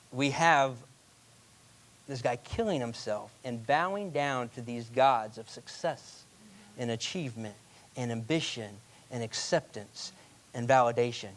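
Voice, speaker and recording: A man preaching a sermon as pastor in a church, telling stories with animated bursts and slowed, emphatic phrases. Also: mid-range voice. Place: church sanctuary.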